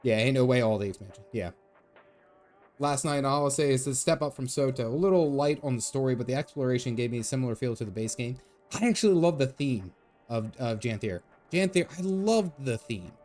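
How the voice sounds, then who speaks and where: Man, gaming streamer, chatty, rambling, mid-pitched voice, faint music behind. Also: lively intonation, brisk, darkish tone. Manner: chatty, rambling, answers chat as he goes. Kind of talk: casual live-stream chat while gaming.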